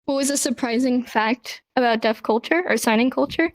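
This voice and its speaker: A woman's voice: fairly quick, no echo, rough recording. Chatty young woman teaching, dry close sound. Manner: chatty, acts out example dialogue with rising pitch. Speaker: sign language teacher. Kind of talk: casual spoken lesson answering questions.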